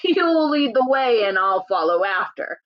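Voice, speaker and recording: A big, hungry storybook monster drawls his lines slowly and believes what he hears, as a woman acts him out. The recording is dull and lo-fi. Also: fairly high pitch, very animated, no echo. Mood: gruff.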